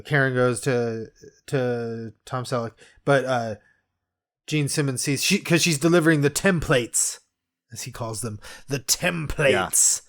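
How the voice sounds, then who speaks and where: A man co-hosting a casual movie-review podcast, rambling with fillers and laughing often. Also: medium pitch. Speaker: podcast co-host.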